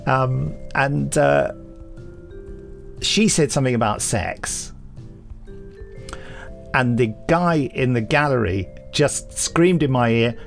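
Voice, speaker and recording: A man's voice: medium pitch, slow pace, vocal fry, pauses often, faint music behind. A man hosting a podcast, telling an anecdote casually and animatedly, laughing as he goes. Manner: animated storyteller who laughs and acts out quotes. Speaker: podcast host and writer-director.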